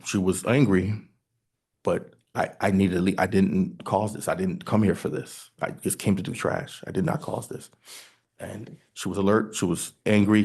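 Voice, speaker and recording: A man testifying at a hearing, recounting events in a halting, hesitant way that often breaks off and restarts. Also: sits low, gravelly, darkish tone, husky.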